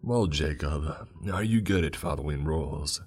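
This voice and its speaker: A man voicing a gruff, stern male library manager in a spooky story, curt and demanding. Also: rumbling low, normal speed, a little mellow, soft background music, exaggerated voice.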